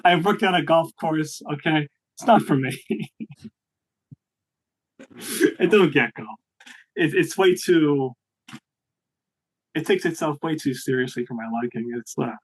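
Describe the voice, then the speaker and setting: A man's voice: a little high, moderate pace, pauses often, husky, rough recording. Rambling young man. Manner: rambling, animated, frequent restarts. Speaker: guest. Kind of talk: casual interview chat.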